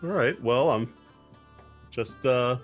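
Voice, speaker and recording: A man's voice: mid-range voice, slow, faint music behind. A man playing a tabletop game, speaking in character with a hesitant, stammering manner. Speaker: player. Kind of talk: casual role-play chat.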